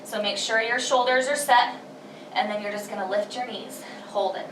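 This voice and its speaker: Breathy pilates instructor woman, echoey room. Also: medium pitch, steady tone, normal speed, slight background noise. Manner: encouraging, counts breaths and reps aloud. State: slightly out of breath. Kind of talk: guided workout instruction. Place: home workout space. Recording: echoey room, mic at a distance.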